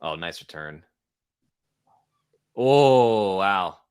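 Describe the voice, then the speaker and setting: A man with a fairly low voice co-hosts a live tennis watchalong, chatty and full of strong opinions. His recording is dry and close, with no room echo. He breaks into laughter often. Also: expressive, very slow, a little mellow, clear, resonant tone. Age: young adult or middle-aged parent of an infant. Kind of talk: casual live sports commentary.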